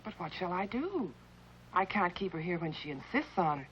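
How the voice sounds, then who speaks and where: A woman's voice: fairly low pitch, sing-song, normal speed. An actress playing a troubled woman who pleads for advice. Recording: dull old TV soundtrack, faint hiss.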